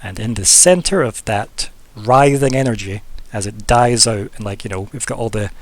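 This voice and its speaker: A man's voice: on the low side, moderate pace. A man, narrating a tabletop fantasy game as game master, in a casual, rambling way with many fillers.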